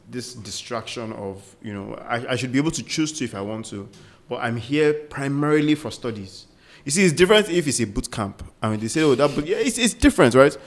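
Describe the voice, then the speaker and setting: A young man co-hosting a podcast, speaking earnestly and emphatically and repeating his key points. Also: mid-range voice. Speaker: podcast co-host. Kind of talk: casual conversation.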